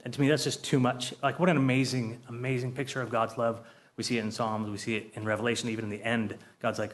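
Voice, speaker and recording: A man's voice: medium pitch, level tone, quick pace. A man in his fifties leading a casual Bible study. He talks earnestly and from the heart, with plenty of fillers and restarts. He reads scripture aloud and puts questions to the group.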